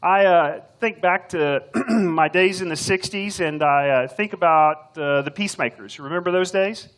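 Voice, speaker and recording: A man's voice: sits high, moderate pace, a bit bright. An older man, filling in as preacher, delivering a sermon in a folksy, joking storytelling way. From Texas. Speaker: substitute preacher.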